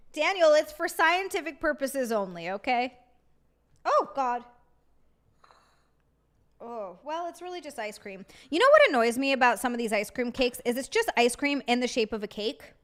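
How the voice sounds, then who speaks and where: A woman's voice: high-pitched, very animated, moderate pace, pauses often. A woman streamer chatting casually with her viewers while eating, often giggling. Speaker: live streamer. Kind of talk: casual live-stream chat.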